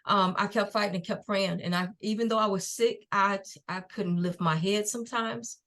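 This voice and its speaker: A middle-aged woman sits in as a guest on a podcast interview, sharing a personal testimony of faith. She speaks earnestly and without hurry, in a voice of ordinary middle pitch for a woman. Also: fairly even intonation, fairly bright tone. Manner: earnest, faith-filled, unhurried storytelling. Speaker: guest, nonprofit founder.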